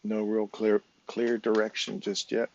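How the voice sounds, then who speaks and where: A man's voice: fairly low pitch, completely flat delivery, measured pace, a little mellow, highs cut off. An English man with a casual, chatty manner, talking viewers through a trading chart live, step by step. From England. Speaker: trading educator.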